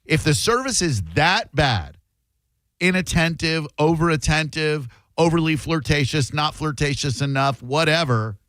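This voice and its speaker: A radio host man with a lively, swooping delivery who tells stories casually and puts on voices for the people in them. He is recorded dry and close in the studio. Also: on the high side, no echo. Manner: animated, acts out voices in his stories. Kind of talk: casual talk radio storytelling.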